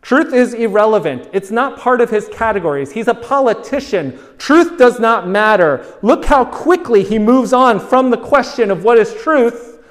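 A man's voice: very high-pitched, expressive, normal speed, big-room sound. A man preaching a sermon, driving his points home with repeated phrases and rhetorical questions. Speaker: pastor.

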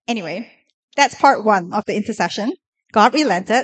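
A woman preaching a sermon in a lively, conversational way, asking the listeners questions. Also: mid-range voice, normal speed, breathy edge, poor audio.

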